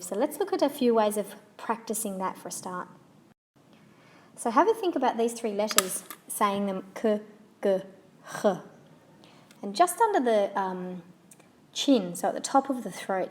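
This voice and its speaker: A woman's voice: medium pitch, a little mellow. A woman whose first language is English teaching French pronunciation, patiently repeating example words and demonstrating sounds. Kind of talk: instructional lesson.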